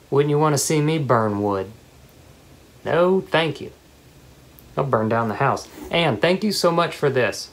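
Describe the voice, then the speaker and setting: Low-voiced excitable woman unboxing gifts. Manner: chatty and excitable, gasps and laughs. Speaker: vlogger opening fan mail. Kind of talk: casual unboxing chat. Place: at home. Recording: background noise with paper crinkling.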